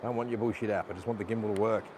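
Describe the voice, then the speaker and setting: A man's voice: fairly low pitch, steady tone, very fast. A man, live-streaming by the sea while struggling with his camera gear, frustrated and swearing often at it while apologizing to viewers. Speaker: vlogger. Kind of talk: live vlog while fixing a camera gimbal. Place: outdoors by the sea. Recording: outdoor noise with passing vehicles.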